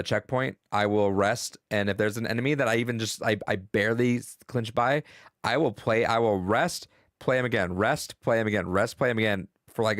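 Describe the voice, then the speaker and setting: A young man co-hosting a podcast, talking about a video game in a rambling, excitable, profane way. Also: fairly low pitch, no echo, studio quality. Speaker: podcast co-host. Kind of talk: casual gaming chat.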